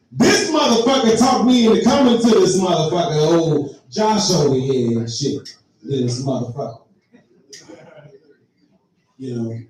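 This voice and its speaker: A man's voice: a little high, darkish tone, slight background noise. Man, stand-up comedian, profane storytelling, very echoey room, distant mic. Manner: profane storytelling, addresses the crowd. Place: live comedy venue. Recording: echoey room, heard from far off.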